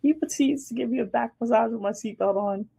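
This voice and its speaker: A woman's voice: fairly high pitch, fairly quick, vocal fry, warm tone, slightly rough. A woman in her twenties hosting a casual chat show, animatedly telling a dating story and acting out the scenes. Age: 20s. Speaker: host.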